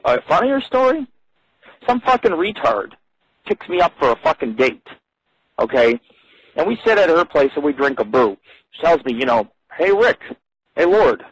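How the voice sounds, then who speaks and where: A man's voice: mid-range voice, vocal fry, slightly rough, dry recording, poor audio. A man hosting a live radio show, telling crude, rambling stories full of swearing. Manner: profane, swears constantly, rambling.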